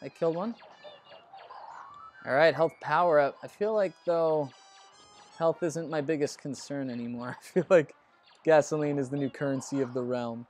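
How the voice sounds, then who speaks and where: While playing through a game, this let's play host drifts into casual talk about movies and mutters curses when things go badly. His voice is a little high and a little mellow, at a moderate pace with frequent pauses, over faint background music.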